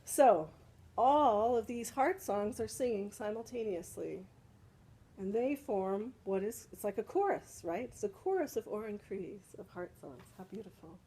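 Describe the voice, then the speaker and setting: A woman's voice: medium pitch, expressive, a little slow, warm tone, husky, rough recording. Woman teaching a small group. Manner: explains patiently, checks understanding with "right?". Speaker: spiritual teacher leading a salon. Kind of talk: casual group discussion teaching.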